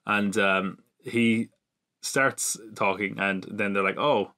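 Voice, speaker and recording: Chatty man, bright forceful voice. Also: on the low side, flat delivery, takes it slowly. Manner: chatty, rambling, with frequent fillers and self-mocking laughs. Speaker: podcast host. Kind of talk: casual solo TV episode recap.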